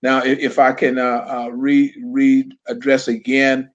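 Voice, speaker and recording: A man hosts an interview, posing his questions politely and haltingly and restarting his words often. His voice sits at a middle pitch. The sound is muffled and lo-fi, like a live stream. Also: level tone. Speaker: talk show host. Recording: dull lo-fi live-stream audio.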